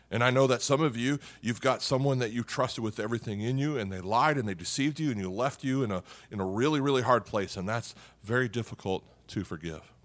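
Speaking with a lowish voice, a middle-aged man delivers a sermon as a pastor in a chatty style. He frequently ends points with "okay?" or "right?" and lets his voice fall gently quiet on the weighty parts.

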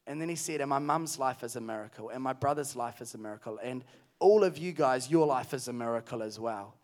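A man's voice: medium pitch, a little fast, a little mellow. A man preaching at a youth camp, telling a story earnestly and then calling energetically to the crowd. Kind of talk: sermon. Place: large hall at a camp.

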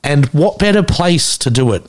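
Lively Aussie male host, young, sweary storyteller. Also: on the high side, moderate pace. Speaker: podcast co-host. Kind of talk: casual chat.

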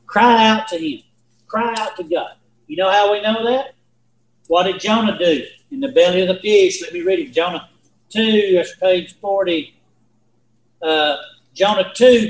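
A man's voice: high-pitched, reverberant, rough recording. A man teaching a Bible lesson in a folksy, earnest way, repeating himself and asking his listeners questions. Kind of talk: sermon.

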